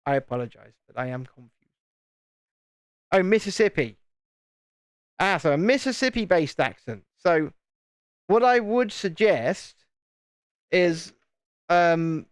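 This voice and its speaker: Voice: medium pitch, clean tone, no echo, clean studio sound. A speaker with a Southern English home counties accent, hosting a live stream and chatting casually while building, often repeating words. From England, home counties. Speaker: livestream host.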